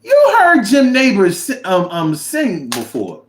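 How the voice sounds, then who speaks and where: A man hosting a casual livestream, reading viewer comments aloud and reacting with animated, chat. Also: a little slow. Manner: animated, drops to low mumble reading comments.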